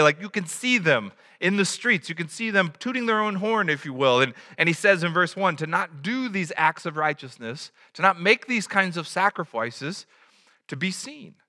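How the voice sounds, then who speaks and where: A man's voice: on the high side, sharp tone, big-room sound. A man preaching a sermon in a conversational way, a father who acts out little quotes. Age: adult, has a child. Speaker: pastor.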